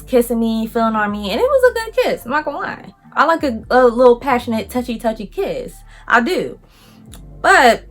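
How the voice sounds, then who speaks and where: A woman vlogger telling a casual story in a lively way, acting out what other people said and using a lot of slang. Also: a little high.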